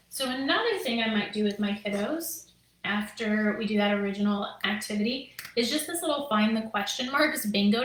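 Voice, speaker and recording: A woman's voice: on the high side, fairly bright tone, echoey room, a little hiss or hum, rough recording. A woman in her thirties, a teacher, explaining lessons to the camera in a chatty, upbeat way. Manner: chatty and upbeat, lots of fillers and "right?". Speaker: teacher and curriculum creator. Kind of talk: casual teaching video, talking to camera.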